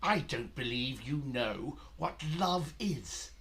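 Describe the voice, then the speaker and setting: A man's voice: animated, takes it slowly, vocal fry, a bit bright, a little hiss or hum, exaggerated voice. A man voicing a vain, sulky male poet in a comic operetta, theatrical and petulant, singing and speaking, recorded in his room at home. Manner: theatrical, petulant, high sung lines. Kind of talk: comic operetta, sung and spoken.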